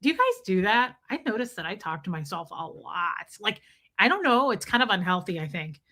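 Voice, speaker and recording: Bright-voiced woman telling a story to her chat. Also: medium pitch, brisk. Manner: animated, deadpan storytelling with acted-out quotes. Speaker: streamer. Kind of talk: casual storytelling to a live chat.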